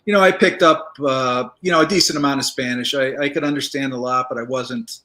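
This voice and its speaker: A former federal agent tells stories in a casual interview, his mid-range voice moving briskly. He's relaxed and rambling, with plenty of filler words.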